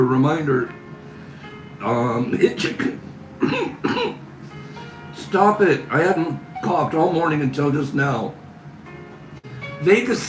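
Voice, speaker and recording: A man hosting a casual live stream, reading viewer comments aloud and laughing constantly. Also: a little high. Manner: laughs constantly, giggly and teasing. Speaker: livestream host. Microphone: phone camera. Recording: echoey room with music behind.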